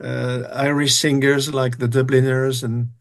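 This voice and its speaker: A man's voice: mid-range voice, level tone, a little slow, vocal fry. A retired man in his sixties from Brittany with a French accent, speaking as an interview guest in a hesitant way with many fillers and restarts. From Brittany, France. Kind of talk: casual interview chat.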